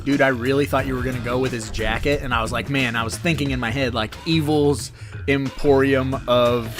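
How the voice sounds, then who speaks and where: A man co-hosting a podcast in casual chat, playful and quick to laugh. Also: medium pitch, fairly even intonation, over music. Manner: laughs a lot, playful and loose. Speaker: podcast co-host.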